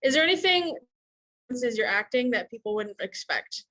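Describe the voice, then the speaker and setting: A woman interviewing a guest on a panel, asking her question in halting pieces. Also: on the high side, expressive, pushed and bright, rough recording. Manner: halting, hesitant phrasing.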